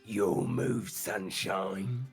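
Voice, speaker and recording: A man voicing a menacing undead male wolf monster that mocks and taunts its prey, now and then bursting into shouts in a tabletop game. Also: deep voice, steady tone, drawn-out words, creaky, slightly rough, soft background music, voice pushed down, full character voice. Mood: mocking.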